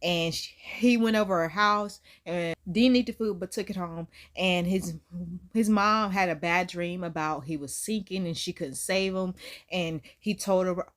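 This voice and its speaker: A woman hosting a reaction video, talking in an animated, slangy way and acting out quotes. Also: fairly low pitch, unhurried. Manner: animated, slangy, acts out quotes with squealy voices. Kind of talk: casual reaction commentary.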